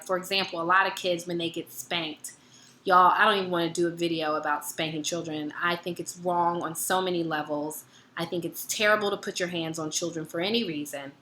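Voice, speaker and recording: A woman's voice: lowish voice, reverberant. A woman giving a casual wellness lesson, telling personal stories and acting out both sides of conversations. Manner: animated, acts out both sides of dialogues. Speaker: wellness educator.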